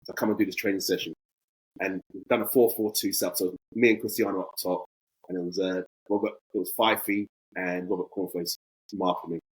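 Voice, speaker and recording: A man's voice: low-pitched, flat delivery, brisk, slightly rough, rough recording. A man in his forties, a podcast guest telling a casual anecdote with animation and acting out both sides of conversations.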